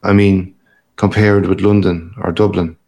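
A man reading aloud, voicing a shy, timid young married man who speaks softly. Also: low-pitched, level tone, unhurried, highs cut off. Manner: timid, soft-spoken. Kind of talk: audiobook character reading.

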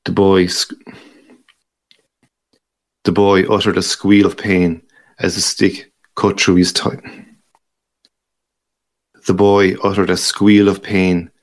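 A man reads a short story aloud with a deep, low voice. His delivery is slow, measured and unhurried. Each line comes out in a deliberate way. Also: monotone. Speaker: reader.

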